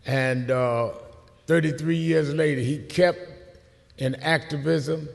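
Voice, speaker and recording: A man with a Brooklyn accent introducing a panel with slow, rhetorical repeated questions. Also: on the high side, steady tone, vocal fry. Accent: Brooklyn New York. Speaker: event host introducing a panel. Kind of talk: formal speech to a conference audience. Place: large conference hall. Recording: big hall with long reverb.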